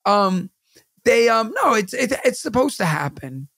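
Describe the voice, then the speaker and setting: A man, hosting a podcast and telling stories in a casual, animated way, acting out the voices of the people in them. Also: high voice, a little slow, dry recording, clean studio sound. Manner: animated, acts out quoted voices in a vivid retelling. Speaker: podcast host. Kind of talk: casual storytelling chat.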